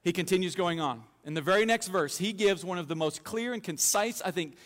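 Man, pastor, sermon, high voice, animated joking storyteller, long hall reverb. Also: fairly quick.

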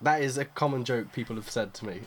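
A woman's voice: a bass voice, fast talker, a little hiss or hum. A woman co-hosting a casual podcast, wry and self-deprecating, laughing often. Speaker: co-host.

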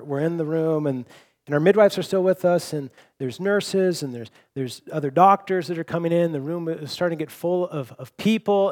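A young adult man preaching a sermon, earnest and personal, often restarting with repeated words. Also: a little high. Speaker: pastor.

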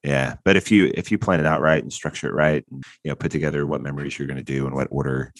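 A man's voice: very deep voice, steady tone, quick pace, no echo. A man co-hosting a podcast in casual chat, laid-back and joking, a bit stuffy from allergies. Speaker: podcast co-host and therapist.

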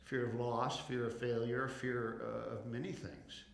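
Male pastor, mid-pitched, preaching with slow emphatic build-ups, reverberant church. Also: little pitch movement, vocal fry. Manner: preaching with rising intensity, slowing for emphasis; calls for congregation response. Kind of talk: sermon.

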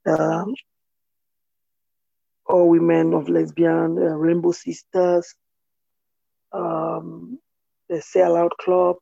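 A woman from Cameroon, telling her own story in an interview in an earnest, halting way with many restarts. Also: on the low side, monotone, gravelly, warm tone, no echo, highs cut off. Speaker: interview guest. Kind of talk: personal testimony in conversation.

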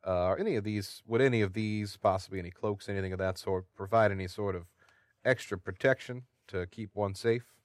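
A man's voice: lowish voice, fairly quick, no room sound, studio quality. A man playing a tabletop game in character, polite and hesitant, often restarting his sentences. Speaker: player. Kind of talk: in-character tabletop role-play.

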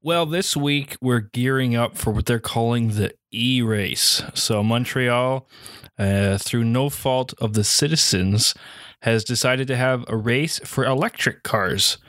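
A man co-hosts a podcast remotely, dropping wry, deadpan jokes into casual chat. His voice sits at an ordinary middle pitch. The sound is dry and close. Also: takes it slowly, no room sound. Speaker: podcast co-host calling in remotely.

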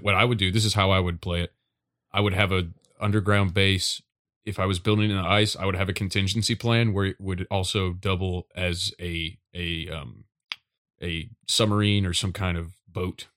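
A man co-hosting a podcast in casual chat, tossing off jokes and deadpan asides. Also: low-pitched, moderate pace, no room sound, studio quality. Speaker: podcast co-host.

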